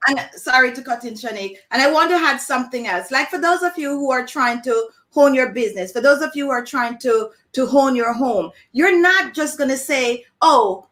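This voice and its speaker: High bright emphatic woman host. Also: a little fast, few pauses. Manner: animated, emphatic, repeats phrases for stress. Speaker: host of a live stream. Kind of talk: casual live chat.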